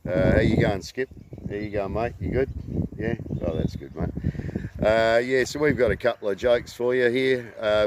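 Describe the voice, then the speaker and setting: A man hosting a rambling casual talk, halting and full of ums and uhs. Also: sits low, background noise. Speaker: host.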